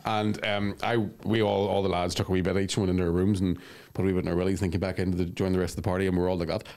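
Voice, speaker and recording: A young Northern Irish man, a comedian guest on a podcast, telling crude stories in a bawdy, self-mocking way with deadpan punchlines. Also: low-pitched, racing. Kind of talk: casual podcast chat, crude storytelling.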